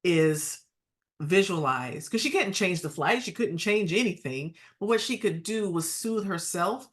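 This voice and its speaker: A woman hosting an interview, affirming her guest often and telling a personal story in a lively way, quoting people as she goes. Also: on the low side, a little slow. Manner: affirming, frequent agreement sounds; storytelling, quotes others with voices. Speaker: podcast host. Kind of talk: casual interview talk.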